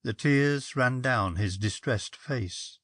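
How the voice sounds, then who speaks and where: A man reading a ghost story aloud in a measured, expressive narration. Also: medium pitch, no room sound, studio quality. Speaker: story reader.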